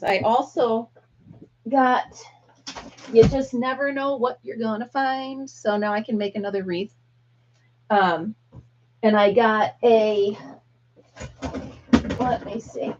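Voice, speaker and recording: A middle-aged woman, her voice on the high side, hosts a live stream and chats casually with viewers, acting out what people said as she tells her story. The audio is dull, with a little hiss or hum.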